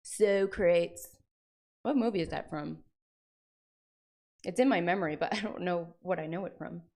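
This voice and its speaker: A woman's voice: on the low side, moderate pace, darkish tone. Rambling woman streamer chatting casually. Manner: rambling, lots of "like" and "frickin'". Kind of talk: casual live-stream chat.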